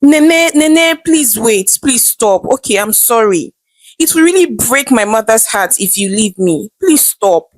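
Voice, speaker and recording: A woman's voice: a little high, animated, measured pace, dry recording. A woman voicing a young husband who defends himself and begs his wife to stay. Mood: pleading.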